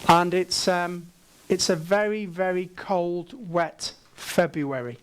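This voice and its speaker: A high-pitched man speaks slowly and deliberately from a conference stage. He keeps drawing the audience in with playful questions, unhurried and teasing. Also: slight background noise. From England. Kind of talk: interactive keynote talk.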